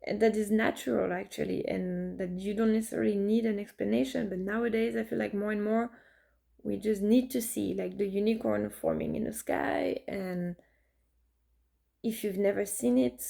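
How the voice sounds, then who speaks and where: A woman's voice: mid-range voice, steady tone, normal speed, vocal fry, warm tone. A woman in her thirties, an artist, chatting casually and telling personal stories with many fillers and restarts. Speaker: artist and vlogger. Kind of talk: casual storytelling monologue.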